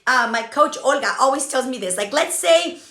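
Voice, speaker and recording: A woman's voice: high voice, lively intonation, moderate pace, bright, forceful tone. A woman hosting a casual motivational talk for a live chat, chatty and frank, often checking in with "okay?". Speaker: business coach hosting a live stream. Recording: echoey room.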